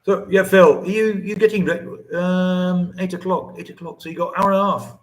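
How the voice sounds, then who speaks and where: A man's voice: high voice, fairly even intonation, normal speed. A man with an English accent hosting a casual livestream from home, rambling, chatting and reading out viewer comments. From England. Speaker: livestream host. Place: home in the Philippines. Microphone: phone or camera mic.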